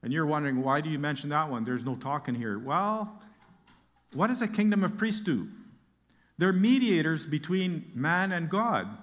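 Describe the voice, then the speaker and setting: A man's voice: a little high, lively intonation, moderate pace, a bit bright, big-room sound. A man preaching a sermon, reading Bible verses aloud and explaining them with casual asides and light humor.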